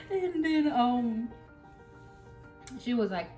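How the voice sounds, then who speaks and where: A woman's voice: mid-range voice, unhurried, darkish tone, poor audio. A young woman talking straight to her viewers in an unscripted, rambling way. She keeps addressing them as "y'all" and fills her sentences with "like". Music plays behind her voice. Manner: candid and rambling, with many "like"s and "y'all"s. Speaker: vlogger, new mother sharing her story. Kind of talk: casual personal storytelling to camera.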